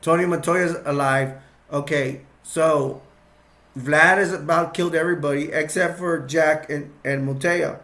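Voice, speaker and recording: A man casually retelling a movie plot, rambling and excitable, with restarts and sound effects. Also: fairly high pitch, a little slow. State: sugar-boosted, energetic. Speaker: movie recap vlogger.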